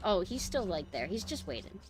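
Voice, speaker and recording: A young woman streaming a game live, swearing and yelling in frustration at the game. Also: mid-range voice, sing-song, fairly quick.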